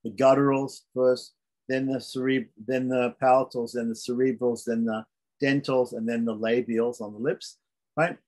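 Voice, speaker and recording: A man teaching a beginners' Sanskrit lesson, patiently repeating each sound slowly so learners can follow. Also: mid-range voice, little pitch movement, darkish tone.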